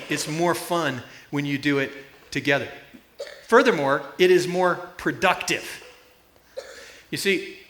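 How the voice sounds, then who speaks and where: A man's voice: mid-range voice, sharp tone, roomy sound. A man preaching a sermon, telling a story with laughter and illustrations. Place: church.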